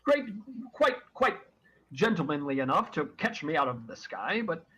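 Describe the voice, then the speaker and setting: A fussy male crow with a husky, high-set voice, stammering through long-winded courtesies, as a man puts him on. He sounds overly formal and self-important, pitched well above an ordinary man's voice, with a breathy rasp running under it. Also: big pitch swings, normal speed, a bit bright, heavily acted, low-quality recording. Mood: pompous.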